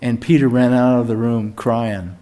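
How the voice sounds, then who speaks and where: An older man preaching a sermon in a church, talking in a relaxed storytelling way and rising emphatically on key words. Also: medium pitch, normal speed. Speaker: pastor. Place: church sanctuary.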